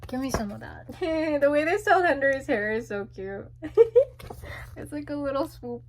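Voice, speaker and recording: A young woman chatting casually as she unboxes albums, gushing and squealing with excitement. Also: sits high, normal speed, a little hiss or hum.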